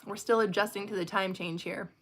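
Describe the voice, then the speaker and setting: A woman's voice: mid-range voice, fairly even intonation, a little fast, heavy background noise. A woman, casually chatting with viewers on a late-night livestream from home. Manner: chatty, talks directly to viewers. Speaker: livestream host.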